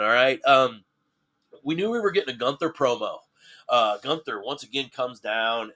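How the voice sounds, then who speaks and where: A man hosting a solo wrestling recap podcast, opinionated and animated, who keeps asking rhetorical questions and tagging lines with "right?". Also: medium pitch. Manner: peppers talk with "right?" and "all right?". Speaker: podcast host.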